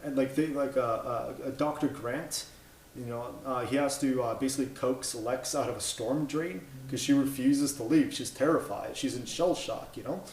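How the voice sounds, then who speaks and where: A man's voice: mid-range voice, moderate pace, darkish tone, a little hiss or hum. Exasperated man ranting in an echoey room. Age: 30s. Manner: exasperated, blunt, swears, trips over words. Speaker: movie reviewer. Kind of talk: opinionated movie review rant.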